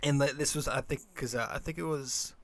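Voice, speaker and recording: A man's voice: medium pitch, a little fast, a bit bright, no room sound. Rambling young male podcast host, dry sound. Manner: rambling, self-interrupting with fillers and restarts. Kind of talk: casual solo podcast monologue.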